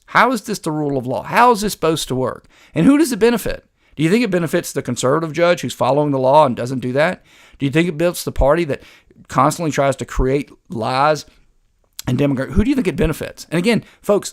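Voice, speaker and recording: A man hosting a political commentary show, talking in a sarcastic, combative way. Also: a little high. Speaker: host.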